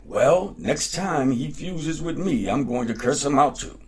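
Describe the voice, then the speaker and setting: A man voicing a gullible tattletale who talks in an excitable, raised voice. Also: fairly high pitch, measured pace, voice pushed up. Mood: astonished.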